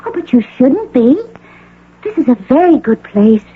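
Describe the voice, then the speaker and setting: A tearful, frightened young patient. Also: female voice, sing-song, moderate pace, breathy edge, exaggerated voice. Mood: dazed, bright. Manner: high, trembling, pleading, near tears. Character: fragile, frightened young woman recovering from overdose. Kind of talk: 1980 radio drama acting. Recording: narrow phone-like radio broadcast.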